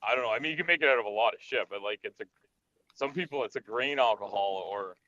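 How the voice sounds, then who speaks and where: Man, quick rambling talk, low pitch, sharp tone, dull dry lo-fi sound. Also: no echo. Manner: rambling, restarts a lot. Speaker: guest. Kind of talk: casual chat.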